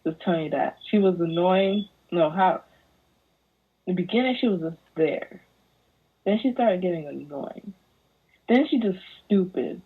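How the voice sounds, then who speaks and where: A woman's voice: fairly low pitch, expressive, unhurried, pauses often, slightly rough. A young woman, a podcast guest, ranting animatedly in casual chat, slipping into mocking voices. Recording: tinny phone-like audio.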